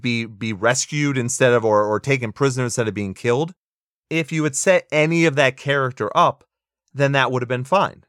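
A man co-hosts a casual movie review podcast, opinionated and sarcastic and laughing often as he talks. His voice is medium-pitched with a fairly bright tone, captured in studio quality with no echo.

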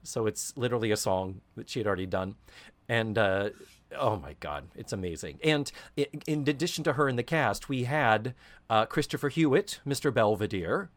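Man, podcast co-host, casual chat, swooping lively pitch, swears freely. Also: normal speed. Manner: animated, profane storytelling.

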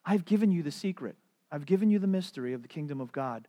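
In a long, echoing church sanctuary, a middle-aged man preaching as pastor speaks quickly and expressively, his slightly high voice a bit raised. The audio sounds dull, and his animated storytelling drifts into playful character voices.

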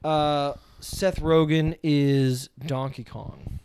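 A man's voice: on the high side, steady tone, drawn-out words, darkish tone, a little hiss or hum. A man co-hosting a casual movie podcast, upbeat and leading the segments. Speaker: podcast co-host.

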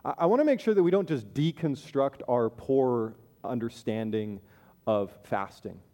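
A man's voice: mid-range voice, lively intonation, normal speed, dark tone, in a large hall. A man preaching a sermon as pastor, conversational, with playful asides and acted-out voices of the people he describes.

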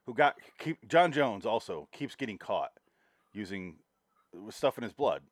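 A man's voice: on the low side, very animated, a little slow, no room sound. A man co-hosting a movie podcast, talking casually in a wry, blunt way and laughing often. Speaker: podcast co-host. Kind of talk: casual banter about movies.

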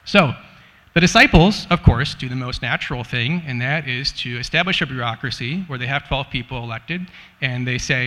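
A man's voice: mid-range voice, moderate pace, bright, forceful tone, long reverb tail. A man giving a casual sermon as a Bible teacher, chatty and joking, with many "like" and "you know" fillers.

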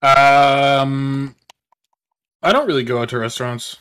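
A man's voice: mid-range voice, slow pace, a bit bright, clean tone. Young guy, blunt, swears a lot, just chatting with friends. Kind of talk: casual chat among friends.

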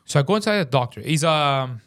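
A man telling a story in casual chat, animated, swearing a lot and saying "bro", acting out his own shouting. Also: a little high, brisk. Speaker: podcast host.

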